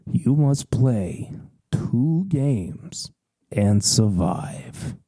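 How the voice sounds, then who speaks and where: A man voicing a menacing carnival barker with an exaggerated, badly done Brooklyn accent, drawing out his threats slowly. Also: mid-range voice, animated, warm tone, no echo, studio quality, exaggerated voice. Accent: put-on Brooklyn, badly done. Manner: slow, drawn-out threats.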